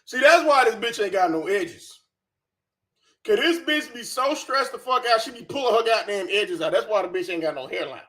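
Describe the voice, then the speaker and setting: A man's voice: sits high, lively intonation, normal speed, fairly bright tone. A man hosting a reaction commentary, profane, scornful and sarcastic. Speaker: commentary channel host.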